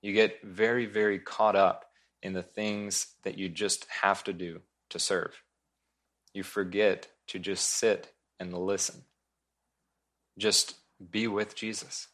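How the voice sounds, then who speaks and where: A male pastor delivers a sermon in a low, deep voice. He speaks earnestly and with emphasis. He repeats his main points for weight. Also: flat delivery, takes it slowly, fairly bright tone.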